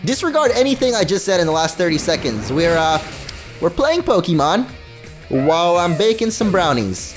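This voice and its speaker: Goofy, high-pitched gameplay host man. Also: moderate pace, faint music behind. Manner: goofy, joking, excitable. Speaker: let's play host. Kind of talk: gameplay commentary.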